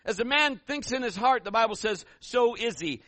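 A middle-aged man preaching a sermon as pastor, telling stories in an animated way and building to loud calls. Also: very high voice, moderate pace, no room sound.

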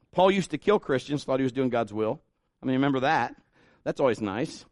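A man's voice: mid-range voice, normal speed, no echo, studio quality. A male pastor preaching a sermon in church, in a plainspoken, conversational way with folksy asides.

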